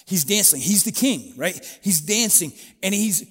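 A middle-aged man preaching a sermon in a relaxed, conversational way, storytelling and acting out quoted voices. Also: high voice, measured pace, slightly rough, long reverb tail. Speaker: pastor.

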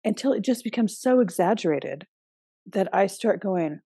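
A woman hosting a podcast, talking in a relaxed, conversational way with casual fillers and the odd swear word. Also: medium pitch, moderate pace, breathy edge, no echo. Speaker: podcast host. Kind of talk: casual spoken monologue.

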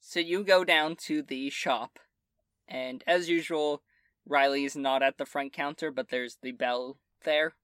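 A woman's voice: deep voice, steady tone, measured pace, fairly bright tone, smooth, no echo, clean studio sound. A woman narrating and voicing characters as game master of a tabletop role-play, casual and hesitant.

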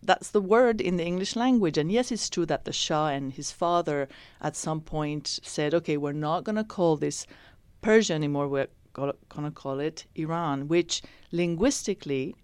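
A woman's voice: low-pitched, moderate pace, a little mellow, smooth, dry recording. A woman actress answering interview questions in a reflective, thoughtful way, often restarting her sentences.

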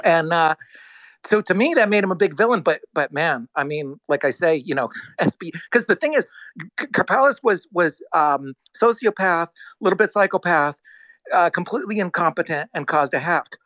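A man in casual talk as a guest, telling a story in a rambling, animated way, full of restarts and acted-out quotes. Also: high voice, normal speed, no room sound, low-quality recording. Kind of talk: casual storytelling on a live audio chat.

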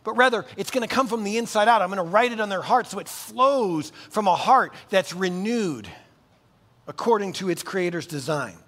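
A man preaching a sermon as pastor, animated and conversational, with casual asides to the congregation. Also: high voice, normal speed, big-room sound.

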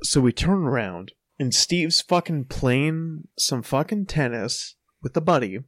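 A young man spins a rowdy, profane story in casual chat, his pitch swinging widely as he acts out the shouts in it. The sound is dry and close, with no room around it. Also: a little slow, no room sound. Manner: lively, profane, laughing anecdote with loud put-on quotes.

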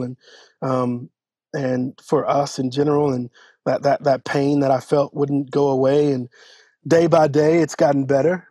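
A man with a husky, slightly high voice tells his own story in an interview. He talks earnestly and haltingly, often restarting his sentences. The recording is close and dry. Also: dark tone, no echo. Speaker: church elder and podcast guest. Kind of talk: personal testimony in an interview.

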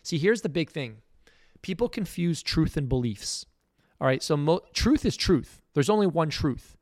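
A man's voice: a little high, expressive, a little slow, darkish tone, no echo, studio quality. A middle-aged man hosting a podcast, giving a blunt, emphatic motivational monologue. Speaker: podcast host.

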